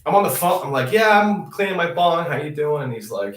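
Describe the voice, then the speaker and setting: Young male host, animated swearing storyteller, lively pitch swings, roomy distant sound. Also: brisk. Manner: profane, laughing, animated storytelling. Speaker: comedic news show host. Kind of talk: rambling comedic monologue. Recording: echoey room, distant mic.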